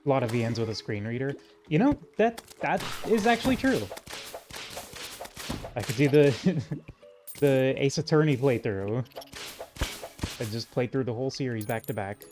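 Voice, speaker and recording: A man streaming a game live, rambling and joking as he reacts to whatever he runs into. His voice sits at an average pitch, and game music plays clearly underneath him. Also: normal speed. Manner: rambling, jokey, talking to himself and chat.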